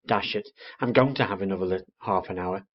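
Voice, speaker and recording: A grumpy, half-asleep father owl grumbles and blusters in a gruff, husky voice, as a man puts him on for a storybook. The recording sounds dull and lo-fi. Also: sits low, brisk.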